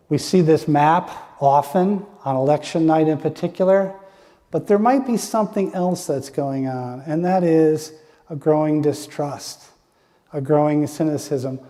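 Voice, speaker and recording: A man's voice: a little high, mellow, in a large hall. A man presenting his research as a lecture, often asking rhetorical "right?" questions.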